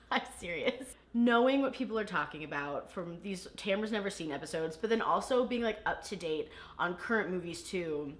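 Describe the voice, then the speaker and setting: A woman hosting a casual movie recap vlog, talking in an animated, gushing way with laughter and some cursing. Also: on the low side, moderate pace. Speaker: vlog host reviewing movies.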